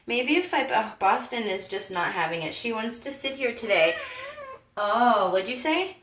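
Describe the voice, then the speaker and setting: A bubbly woman hosts a casual live stream from home, greeting viewers by name and cooing at her cat. Her voice sits high and swings widely. The room is echoey, with faint music underneath. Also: lively intonation, moderate pace, fairly bright tone, slight background noise.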